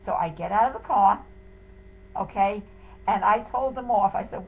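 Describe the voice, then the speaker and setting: A woman's voice: mid-range voice, normal speed, long pauses. Indignant woman, tinny phone-like sound. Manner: indignant, dramatic retelling. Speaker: wife telling her story. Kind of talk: emotional first-person account.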